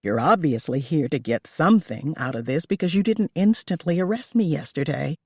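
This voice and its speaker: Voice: mid-range voice, lively intonation, normal speed, husky, no echo, studio quality. A narrator doing a cornered rich woman. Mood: tense. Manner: tense, sharp and demanding. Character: wealthy woman, defensive and cornered.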